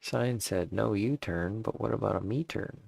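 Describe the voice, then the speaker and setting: A man casually working out jokes in a deadpan way, stopping to rework punchlines. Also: fairly low pitch, normal speed, dry recording. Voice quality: gravelly, husky. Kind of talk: casual joke drafting.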